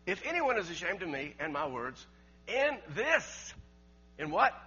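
A man preaching a sermon, emphatic and rising to near shouts, with laughs between his points and words he repeats. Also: on the high side, very animated, fairly quick, slightly rough. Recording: dull lo-fi recording with mains hum.

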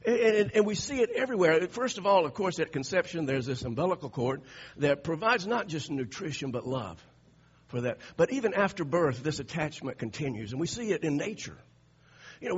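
A man with a slightly high, husky voice preaches in an animated way. He swings between loud bursts and hushed, low passages. The recording sounds dull and lo-fi. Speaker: pastor. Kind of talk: sermon.

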